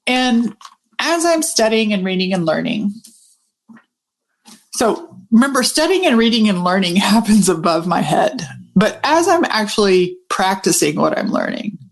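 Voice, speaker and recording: A woman, a business coach telling a casual, animated story to her audience and swearing freely. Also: mid-range voice, moderate pace. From Texas.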